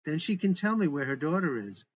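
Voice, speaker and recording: A man's voice: on the high side, very animated, a little fast, slightly rough, muffled recording. A man voicing a stern, officious male federal agent who speaks curtly. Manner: curt, officious.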